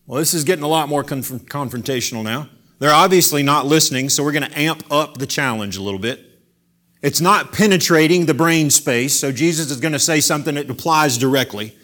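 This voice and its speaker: Male preacher, conversational sermon, soft asides and emphatic reading. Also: a little high, a little fast. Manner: swings between soft intimate asides and loud emphatic scripture reading.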